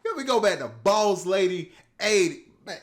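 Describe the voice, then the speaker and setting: A man hosting a casual TV reaction video, talking to his viewers, swinging from quiet musing to loud excited hype. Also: high-pitched, moderate pace. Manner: excitable, addresses viewers as y'all, drifts between hushed musing and loud hype.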